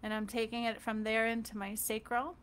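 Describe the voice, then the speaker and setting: A woman energy healer leading a guided healing meditation, talking softly and loosely with fillers and gentle check-ins. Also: fairly high pitch, flat delivery, fairly quick, slight background noise.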